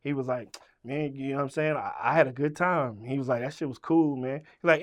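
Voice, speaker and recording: A man's voice: mid-range voice, animated, brisk. A middle-aged man from Richmond, Virginia, a rapper as an interview guest, telling a story full of swearing and acting out both sides of every conversation. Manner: profane, acts out both sides of dialogue. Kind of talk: animated storytelling.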